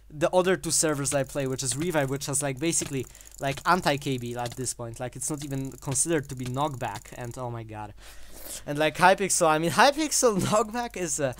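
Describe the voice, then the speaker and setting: A man talks through his own gameplay in a loose, rambling way, piling up fillers and breaking into short laughs between phrases. His voice sits at an ordinary middle pitch, with a faint hiss of noise under the recording. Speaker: gaming channel host. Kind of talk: casual gameplay commentary.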